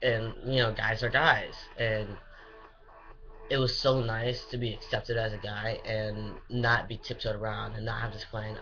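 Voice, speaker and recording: A man's voice: fairly low pitch, little pitch movement, a little slow, a crowd in the background. A young man giving a casual, rambling personal update, full of fillers and restarts and swearing freely. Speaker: vlogger. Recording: dull lo-fi recording.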